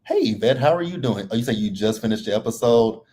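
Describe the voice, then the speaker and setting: A man's voice: mid-range voice, fast talker. A man hosting a live reality TV recap, talking casually and bluntly and laughing a lot. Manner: blunt, animated and laughing often.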